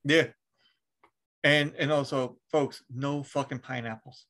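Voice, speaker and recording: A man's voice: mid-range voice, slow. A man hosting a podcast in casual chat, rambling and swearing freely as he tells stories. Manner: profane, rambling, animated storytelling. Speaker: podcast host.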